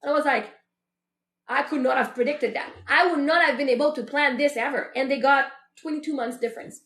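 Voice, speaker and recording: A woman in her thirties with a high, bright-pitched voice talks through a candid personal reflection as a show host. Her delivery is chatty and loose, full of fillers and quoted inner thoughts. The recording carries a noticeable roomy echo. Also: a little fast. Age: 30s.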